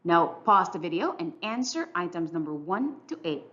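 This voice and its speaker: A woman teacher giving a clear, measured, scripted English lesson narration. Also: lowish voice, big pitch swings, a bit bright, dull audio. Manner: clear, instructional, measured delivery.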